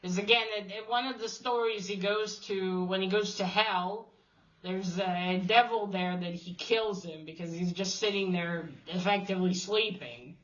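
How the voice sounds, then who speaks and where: A woman's voice: medium pitch, normal speed, lo-fi sound. A woman casually recapping a comic issue, quoting the characters loosely with lots of "uh" and "he's like". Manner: retells scenes, quoting characters in a flat loose way, many "uh"s and "he's like". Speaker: comic reviewer.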